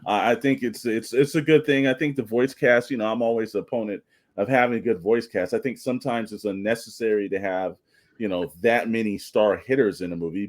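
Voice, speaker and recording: A man co-hosting a podcast, giving relaxed, measured opinions in casual group chat. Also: lowish voice. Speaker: podcast co-host.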